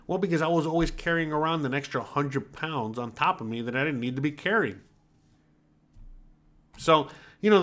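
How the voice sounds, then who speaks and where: A man in his forties hosting his own show, talking bluntly and casually with lots of swearing and filler tags. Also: medium pitch. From United States. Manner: blunt, profane, animated with filler tags like "all right?". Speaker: podcast host. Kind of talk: casual livestream talk reading chat comments.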